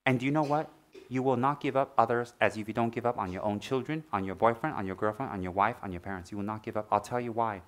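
A man giving a Dharma talk as a Buddhist teacher, teasing and playful, then dropping to soft, earnest teaching. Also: fairly low pitch, quick pace.

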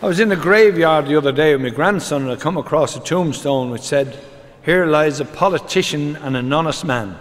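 The stand-up set comes from an Irish man whose voice is fairly high. He storytells briskly, delivering short jokes as rapid back-and-forth dialogue with repeated "he says," recorded in a reverberant room with noise in the background.

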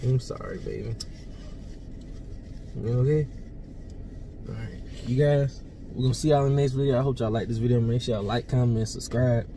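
A young man co-hosting a casual reaction video, talking softly and soothingly. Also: mid-range voice, steady tone, a little fast, slight background noise, low-quality recording. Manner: soft, soothing, repeatedly comforting. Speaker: reaction channel co-host.

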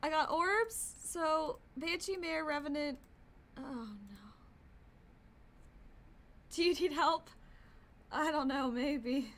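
A woman with a high, bright voice talks through a horror game as a streamer. She is jumpy and easily startled, gasping and cursing as she goes, but keeps an unhurried pace between frights. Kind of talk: live game commentary.

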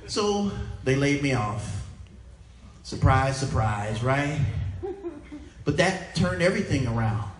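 Speaking a little slowly, a middle-aged man with a slightly high, very animated voice does clean stand-up at a conference. He engages the crowd playfully and performs voices; the hall echoes, he sounds distant, and the audience is audible.

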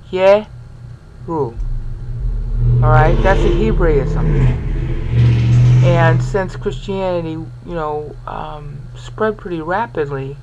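A woman's voice: sits low, darkish tone, slight background noise, rough recording. A woman teaching a Bible lesson over on-screen text, sounding out words syllable by syllable and checking in with the listener. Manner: explanatory, checks in with "okay?" and "all right?".

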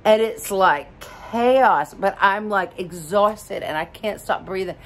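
A woman's voice: mid-range voice, takes it slowly, slight background noise. A middle-aged woman from Alabama telling a story casually, rambling with lots of fillers and laughs. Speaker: vlogger.

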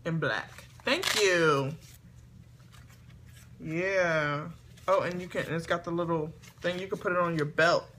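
A woman's voice: fairly low pitch, slow, pauses often, a little hiss or hum. Chatty woman unboxing gifts. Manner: chatty, excitable, addresses viewers as y'all. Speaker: beauty vlogger. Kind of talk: casual unboxing chat to camera. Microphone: camera on a tripod.

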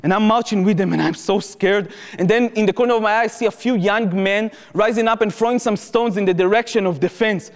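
A man's voice: sits high, a little fast, hardly any pauses. Israeli man telling a story in a hall. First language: Hebrew. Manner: vivid first-person storytelling in present tense, acting out voices. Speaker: speaker at a public talk. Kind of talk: storytelling talk. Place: lecture hall before an audience. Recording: reverberant hall.

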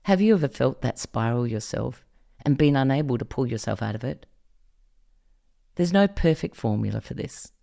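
A woman's voice: very deep voice, vocal fry, warm tone. A middle-aged woman from Australia hosting a parenting podcast, delivering a scripted monologue expressively and asking the listener direct questions. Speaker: podcast host.

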